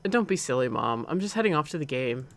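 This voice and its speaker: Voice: medium pitch, very animated, fast talker, creaky. A streamer reading the lines of a sheepish, eager young adult son in a game. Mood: casual. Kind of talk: reading game dialogue aloud.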